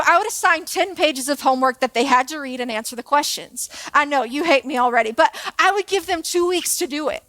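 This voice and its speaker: A woman giving a storytelling sermon in a chatty, animated way, often checking in with her audience. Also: high-pitched, no room sound. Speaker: preacher and former teacher. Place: church auditorium.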